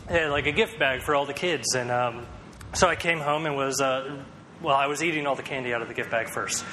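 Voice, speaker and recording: A man's voice: on the high side, pushed and bright, in a large hall, a little hiss or hum, rough recording. A man preaching a sermon in a conversational, storytelling way, with self-deprecating humor. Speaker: pastor.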